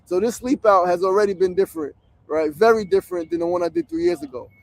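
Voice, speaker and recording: Here's a man in his 40s from New York running an outdoor livestream on his phone from a tent in the city, swearing plenty and not mincing words. The voice is high, expressive and creaky, moving at a quick clip with no echo.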